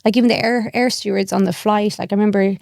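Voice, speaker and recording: Irish woman, young adult, comedian guest; gravelly voice, dry close mic, animated storyteller. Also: medium pitch, quick pace, dry recording. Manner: animated, acts out quoted voices, laughs often. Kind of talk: candid storytelling.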